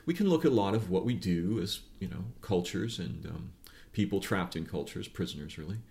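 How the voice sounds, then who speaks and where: Low-voiced man musing in a rambling monologue. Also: expressive, fairly quick, gravelly, darkish tone. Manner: musing, digressive, frequent fillers and tag questions. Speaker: philosophical speaker. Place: outdoors or near a neighbor's noisy machine.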